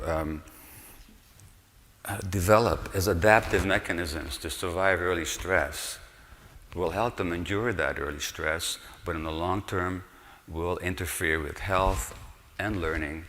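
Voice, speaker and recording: A man's voice: sits low, a bit bright, a little hiss or hum. A man, a physician, giving an earnest, explanatory public lecture and stressing points with rhetorical questions. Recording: long hall reverb.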